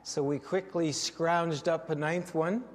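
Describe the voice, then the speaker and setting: A man's voice: on the high side, fairly even intonation, takes it slowly. A middle-aged man preaching a sermon as pastor, conversational and full of anecdotes. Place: church sanctuary. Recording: long church reverb.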